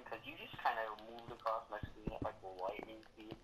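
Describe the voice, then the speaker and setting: Flat-voiced young man on voice chat. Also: fairly low pitch, fairly quick, low-quality recording. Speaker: co-player. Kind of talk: casual gaming chat.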